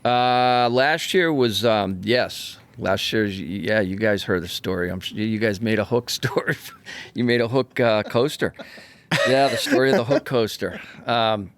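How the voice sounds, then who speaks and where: A man, a fishing charter captain, telling a story in a casual, animated way, acting out the voices as he goes. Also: lowish voice, a little slow, smooth. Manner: animated, acts out voices, swears freely.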